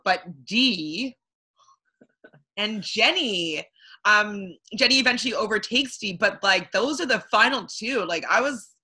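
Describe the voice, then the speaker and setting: A woman's voice: mid-range voice, sharp tone, slightly rough. A young woman from Canada, co-hosting a casual podcast chat, talking loosely with many ums and likes and laughing often. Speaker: podcast co-host. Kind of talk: casual chat recapping a reality show.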